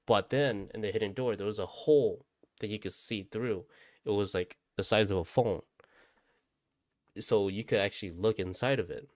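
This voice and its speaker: A man's voice: fairly low pitch, moderate pace, a little mellow, no echo, studio quality. A man casually telling a spooky story, rambling, repeating himself and swearing often. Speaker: vlogger.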